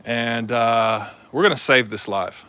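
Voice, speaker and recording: A man's voice: medium pitch, unhurried, pushed and bright, smooth, no room sound. A man telling a story in a casual live-stream monologue, rambling with lots of fillers and slang.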